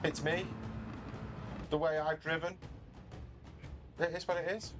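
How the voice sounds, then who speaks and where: A man's voice: on the high side, flat delivery, measured pace, over music. Chatty Mancunian man streaming from his garage. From Northern England. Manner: chatty, self-deprecating, reads out chat. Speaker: livestreamer. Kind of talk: casual chat while racing. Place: home garage.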